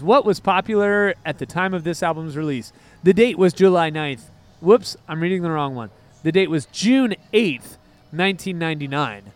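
A man with a fairly high speaking voice co-hosts a music podcast in loose, casual chat. He rambles with excitable energy and keeps wandering off into tangents before finding his way back. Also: clean tone. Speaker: podcast co-host.

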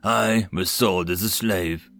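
A man's voice: mid-range voice, expressive, a little slow. A man voicing a proud young male knight with a brassy, blunt way of speaking.

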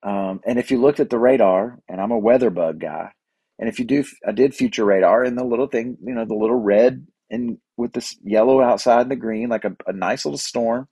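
A man's voice: medium pitch, brisk, warm tone, husky, no room sound. A man telling a rambling, laid-back story as a podcast host, chatty with fillers and restarts. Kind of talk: casual storytelling monologue.

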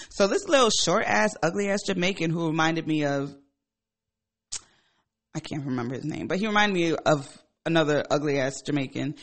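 A woman in her forties, a radio show host, telling a personal story in a casual, animated and profane way. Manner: animated and profane, with emphatic swings in pitch and loudness.

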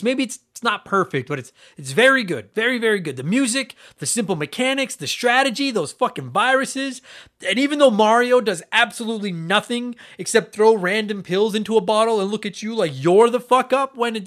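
A young man hosting a retro gaming podcast, chatting casually with jokes and plenty of swearing. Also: very high-pitched. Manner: energetic, swearing, joking asides. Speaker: podcast host. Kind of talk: casual profane podcast chat.

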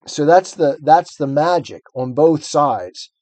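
A man's voice: fairly high pitch, animated, slow, darkish tone, dry recording. A man co-hosting a podcast, talking through a book in an earnest, explanatory way. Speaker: podcast co-host. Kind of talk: casual book discussion.

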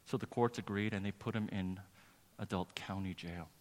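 A man with a low voice preaches a sermon. He tells a story earnestly and builds toward emphatic, rising preaching. His voice rings with a long reverb from a large church hall. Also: steady tone, moderate pace. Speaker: pastor.

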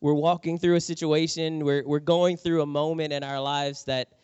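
A middle-aged male preacher tells a personal story in his sermon, acting out the voices in the tale. His voice sits a little high for a man. The sound is dry and somewhat muffled. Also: moderate pace, clean tone, no echo. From New Orleans, USA. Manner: animated storyteller, acts out quotes. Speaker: pastor.

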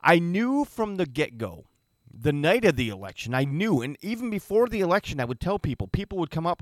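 An emphatic male commentator with a slightly high voice that swings widely in pitch as he argues his point. Dry, close recording with no room sound. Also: sing-song, a little fast, no echo. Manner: emphatic, opinionated. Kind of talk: opinion commentary.

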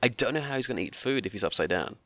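A man's voice: mid-range voice, animated, racing, a bit bright, no echo. A man, co-hosting a casual chat and rambling through joking asides. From Australia. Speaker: podcast co-host.

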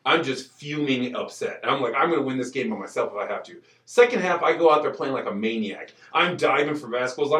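A man in casual podcast chat, telling stories in an animated, excitable way. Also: mid-range voice, reverberant, far from the mic.

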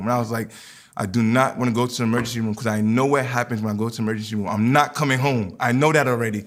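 A man's voice: mid-range voice, fairly even intonation, racing, fairly bright tone. Preaching man. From New York. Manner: preaching, repeats phrases, storytelling with quoted dialogue. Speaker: pastor. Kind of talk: sermon and personal story.

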